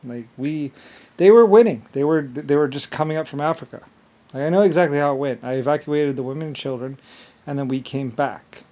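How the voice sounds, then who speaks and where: A man's voice: medium pitch, steady tone, darkish tone. A man talking alone in a rambling monologue, stumbling and repeating words as he goes. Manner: halting, repeats words, trails off. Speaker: vlogger.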